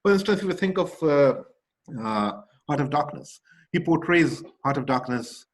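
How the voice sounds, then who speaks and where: A man's voice: on the high side, lively intonation, normal speed. Emphatic man giving a literature lecture. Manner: checks in with a frequent "okay?", asks rhetorical questions; emphatic, with some hesitant restarts.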